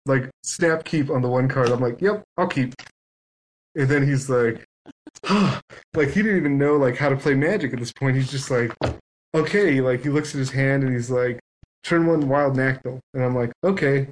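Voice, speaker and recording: A man's voice: mid-range voice, fairly even intonation, brisk, slight background noise, low-quality recording. A man on a podcast telling a long story in casual chat, acting out both sides of it. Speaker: guest.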